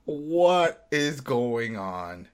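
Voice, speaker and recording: A man co-hosting a casual recap chat, animatedly acting out scenes in quick mimicked voices. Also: medium pitch, big pitch swings, smooth. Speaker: podcast co-host.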